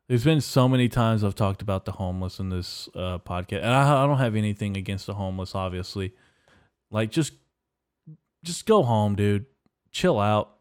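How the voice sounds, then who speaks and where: Young male podcast host, low smooth voice, profane rambling rant delivered with mock outrage. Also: a little mellow. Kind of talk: comedic rant.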